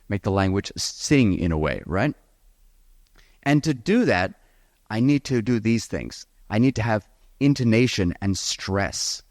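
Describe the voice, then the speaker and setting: A man teaching a live seminar on the speaking exam, lively and encouraging, talking straight to his audience. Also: lowish voice, no echo, clean studio sound. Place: event hall with audience.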